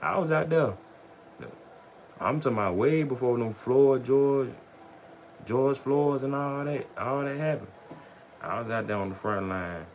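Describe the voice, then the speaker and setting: A man's voice: medium pitch, unhurried, pauses often, a little hiss or hum. A man chatting casually on his livestream in loose slang, rambling and often tossing in "bro" and "you know what I'm saying". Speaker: vlogger on a livestream.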